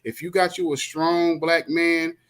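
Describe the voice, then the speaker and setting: A man's voice: fairly high pitch, flat delivery, a little slow, fairly bright tone. A man hosting a podcast, talking in a rambling, conversational way. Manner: rambling, conversational, full of fillers and restarts. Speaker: podcast host. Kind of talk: casual interview chat.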